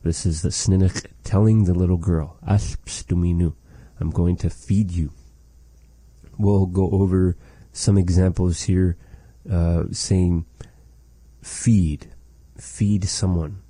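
A man teaching a language lesson, slowly and patiently repeating words for a learner. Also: low voice, fairly even intonation, warm tone, breathy edge, dry recording, low-quality recording.

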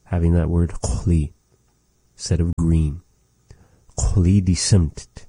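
A man teaching vocabulary in a casual lesson, repeating each word slowly with chatty asides. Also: sits low, little pitch movement, dark tone, slightly rough, dry recording. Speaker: language teacher.

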